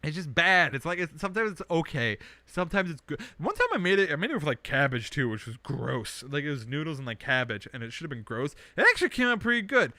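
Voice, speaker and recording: A man's voice: a little high, fast talker, few pauses, no room sound. Rambling young man hosting a livestream. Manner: rambling, animated, frequent fillers. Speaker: podcast host. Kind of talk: casual livestream chat. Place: indoors at home under a blanket.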